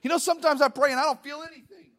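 High-voiced bright fervent male preacher. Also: fairly even intonation, very fast, no room sound, clean studio sound. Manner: conversational preaching that swells into loud, fervent bursts. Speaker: pastor. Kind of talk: Pentecostal sermon. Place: church sanctuary. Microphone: handheld microphone at the pulpit.

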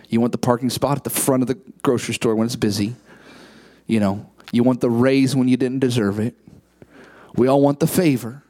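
A pastor preaching a sermon with impassioned rhetorical questions, swinging between hushed asides and shouted peaks. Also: mid-range voice.

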